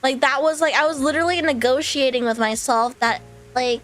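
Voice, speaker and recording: A woman with a high voice chats loosely with her stream audience, circling back and piling on fillers as she goes. Soft music plays faintly underneath. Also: fairly quick, rough recording. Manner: rambling, filler-heavy, with laughs between phrases. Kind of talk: casual storytelling chat.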